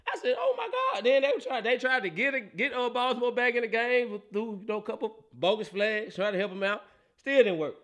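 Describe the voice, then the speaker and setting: A man's voice: high voice, a little fast. A man hosting a casual sports talk show, laughing often and teasing. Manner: laughs a lot, animated and teasing.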